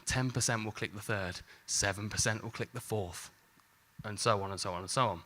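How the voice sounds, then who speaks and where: A man in his forties speaking at a conference, his voice low-pitched yet bright and forceful. He talks in a loose, joking way, slipping in mild swearing as he makes his points to the crowd. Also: brisk. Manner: jokey, casual, swears lightly, acts out exchanges. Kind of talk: live marketing talk.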